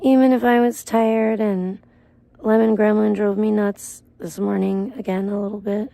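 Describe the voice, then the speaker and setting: A woman chats casually on her livestream, drifting from topic to topic and swearing freely. Her voice has a gravelly, fry-laden texture with a warm, mellow tone. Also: mid-range voice, level tone, moderate pace, no room sound. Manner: rambling, profane ranting. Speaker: live streamer.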